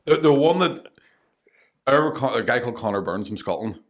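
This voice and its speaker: A man's voice: mid-range voice, lively intonation, fast talker. A man with a Northern Irish accent, a comedian telling long jokes in casual chat and swearing freely. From Northern Ireland. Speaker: comedian guest. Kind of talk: casual storytelling.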